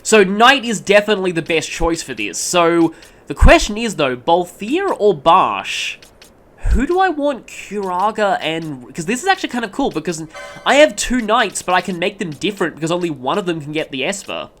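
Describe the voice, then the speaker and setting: A man's voice: sits high, very animated, moderate pace, a bit bright, a little hiss or hum. A man giving casual gameplay commentary, rambling along with frequent ums and stopping to correct himself mid-sentence. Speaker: let's play commentator.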